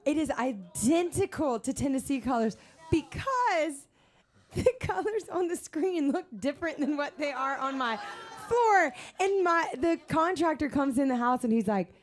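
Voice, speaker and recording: A high, bright-toned woman laughs her way through stage banter at a small live venue. Her voice leaps all over the place as she spins funny stories into a stage microphone, animated and giggly. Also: normal speed. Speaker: singer performing live. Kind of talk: onstage banter between songs.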